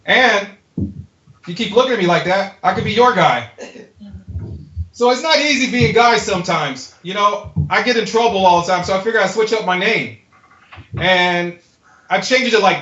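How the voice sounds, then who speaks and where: A man's voice: high-pitched, sharp tone. A man performing a playful, self-mocking stand-up comedy set in a home garage, chatting loosely with a few people around him. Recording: echoey garage, lo-fi live stream audio.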